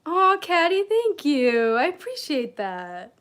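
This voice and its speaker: A woman's voice: high voice, big pitch swings, slow, fairly bright tone. A woman from Michigan chatting on a livestream at home, giving self-help advice and reading comments, laughing often and filling with "you know.". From Michigan, USA. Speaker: self-help mentor streamer. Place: at home, room with candles and incense.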